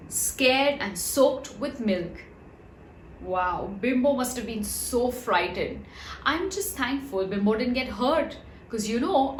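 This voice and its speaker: Lady reading a kids book aloud, slow and sing-songy, chats to the kids, roomy echo. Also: a little high, a little hiss or hum. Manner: gentle, expressive, chatty asides to kids. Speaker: storyteller. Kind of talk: children's read-aloud narration.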